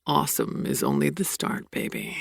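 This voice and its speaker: A woman voicing a domineering, seductive man with a low growling murmur in an audiobook. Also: huge pitch swings, moderate pace, gravelly, slightly rough, no echo, clean studio sound, full character voice.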